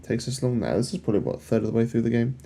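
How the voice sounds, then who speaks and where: Rapid-fire and edged with vocal fry, this young let's play host talks at a medium pitch with a dark tone. He rambles about the game he's playing, cracking self-deprecating jokes at the screen. Faint game music sits underneath, along with a little hiss or hum.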